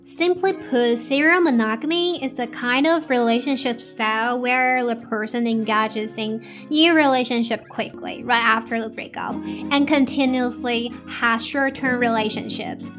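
Young woman teaching pronunciation, slow and careful, a bit high, spells stuff out letter by letter. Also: a bit bright, soft background music. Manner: repeats each sound twice for the learner. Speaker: English teacher. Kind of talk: English pronunciation lesson.

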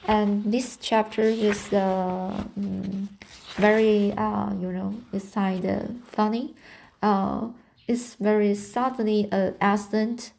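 A woman's voice: medium pitch, flat delivery, takes it slowly, vocal fry, a little mellow. A woman reading a classic novel aloud, hesitant, stumbling over words and restarting. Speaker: reader.

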